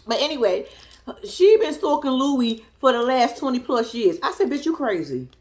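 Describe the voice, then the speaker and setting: In a casual reality-show recap, a woman speaks at a moderate pace with lively intonation. She talks right at her audience with sass and profanity, alternating between loud outbursts and muttered asides under her breath.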